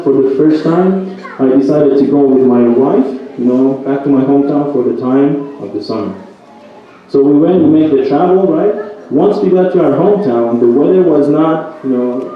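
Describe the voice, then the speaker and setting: A man's voice: medium pitch, a little hiss or hum. A man giving a night sermon who tells a story and keeps checking in with his listeners with "right?". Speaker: religious speaker. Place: religious center hall. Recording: roomy echo, distant mic, dull sound.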